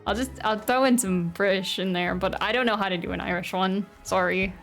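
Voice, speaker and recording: A woman's voice: medium pitch, steady tone, fairly quick, vocal fry, a bit bright, soft background music. A woman streamer in casual let's-play commentary, chatty and self-deprecating, laughing often.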